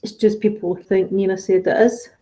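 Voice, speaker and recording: A woman's voice: mid-range voice, flat delivery, normal speed, mellow. A woman with a Scottish accent, an ASMR channel host, chatting casually and rambling as she answers viewer comments. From Scotland. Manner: chatty and rambling, with frequent fillers. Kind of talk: casual live chat, reading viewer comments.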